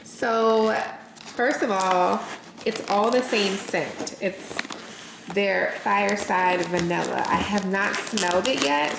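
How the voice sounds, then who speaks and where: A woman's voice: mid-range voice, gravelly. A woman vlogging to her camera, gushing and exclamatory as she unboxes and chats to viewers as y'all. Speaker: lifestyle vlogger. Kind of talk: excited unboxing chat to camera. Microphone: camera mic. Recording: roomy echo with faint noise.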